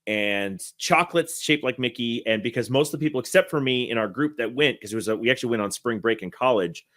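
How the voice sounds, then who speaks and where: A man's voice: medium pitch, fast talker, fairly bright tone. A man in his thirties, a guest in an interview, telling a long anecdote casually, correcting himself and laughing as he goes. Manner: rambling, self-correcting, laughs while telling. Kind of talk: casual storytelling.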